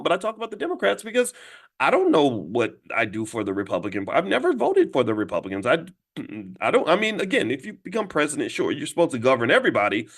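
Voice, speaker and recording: A middle-aged man hosting an online show, giving fast live-stream commentary and acting out quoted voices with big jumps in pitch. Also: huge pitch swings, a bit bright.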